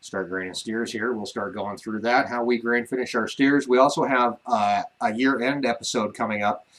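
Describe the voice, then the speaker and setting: A man's voice: mid-range voice, fairly even intonation, normal speed, fairly bright tone, rough recording. A man with an ordinary mid-range voice chats easily on a live stream from a ranch. He talks loosely, full of fillers and false starts, with a teasing edge toward his co-host. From Wyoming. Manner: easygoing, many fillers and restarts, teasing. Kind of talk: casual live-stream chat.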